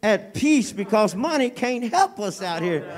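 A man's voice: measured pace, full character voice. A preacher putting on a frantic shipwrecked man. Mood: panicked. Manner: high, excited, incredulous questioning.

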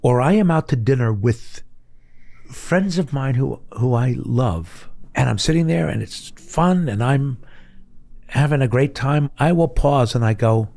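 A man in his sixties telling stories as a guest in casual chat, his voice climbing high when he gets excited. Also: unhurried, gravelly. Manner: animated storyteller, voice rises high when excited.

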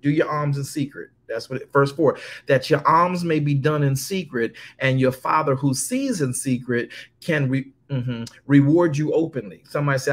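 A man preaching a sermon, reading scripture slowly and calling out to his congregation. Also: medium pitch. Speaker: pastor.

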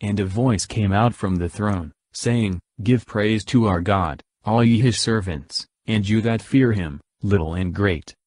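A man reading Bible scripture aloud in a slow, measured recitation. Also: lowish voice, a little mellow, no room sound, studio quality. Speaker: scripture reader.

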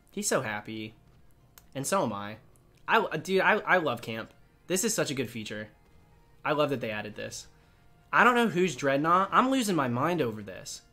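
An excitable man talking through a video game for his channel, his pitch leaping up and down as he chats. He keeps cooing at the creatures on screen between bursts of excitement. Faint music plays behind him. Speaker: gaming YouTuber. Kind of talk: excited gaming commentary.

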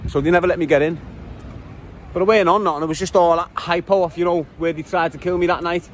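Speaking quickly in a steady tone, a man whose voice sits on the high side leads a casual walking-tour-style vlog by bike through a city centre. His Liverpool accent comes through as he chats straight to viewers, cursing freely, while loud street noise surrounds him.

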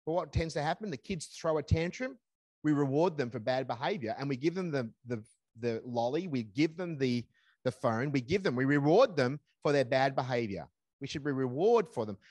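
A man's voice: medium pitch, expressive, normal speed, a little mellow, no room sound. A man presenting a live parenting seminar, emphatic and repeating his key phrases.

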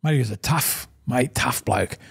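Husky and full of vocal fry, his medium-pitched voice moves at a normal speed. He's an Australian in his sixties who once played as a rugby league forward, now a podcast guest casually rambling through blokey stories and calling people "mate".

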